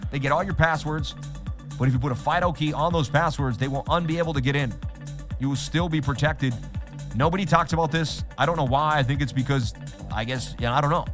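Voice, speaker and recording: A man with a somewhat high voice hosting a casual trading livestream, talking in loose, rambling stretches and circling back to the same points. Faint music plays behind him. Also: fairly quick. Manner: rambling, repetitive, chatty.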